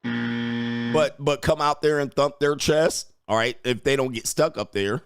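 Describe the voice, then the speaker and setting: A man's voice: medium pitch, a little slow, clear, resonant tone, no room sound, clean studio sound, faint music behind. A man hosting a casual reaction commentary show, brash and mocking, laughing often and talking in slang.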